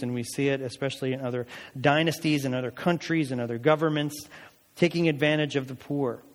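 A man preaching a sermon. He reads scripture aloud with deliberate emphasis, then explains it in plain, conversational words. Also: a little high. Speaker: pastor. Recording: long reverb of a large hall.

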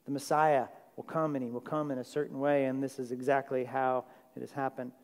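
A man's voice: mid-range voice, level tone, fairly quick. A male pastor preaching a sermon in a chatty, conversational way, checking in with his listeners. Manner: conversational, asks the audience questions. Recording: long hall reverb.

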